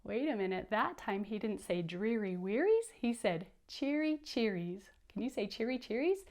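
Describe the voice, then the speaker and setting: A woman's voice: medium pitch, animated, moderate pace, darkish tone. A woman reading a picture book aloud to children, explaining the story and prompting them to repeat words and sounds with her.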